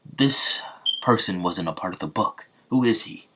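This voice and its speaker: A man's voice: low voice, lively intonation, measured pace, sharp tone, slight background noise, full character voice. A man voicing a polite male lord of a mansion who speaks formally to his guests. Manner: formal and courteous.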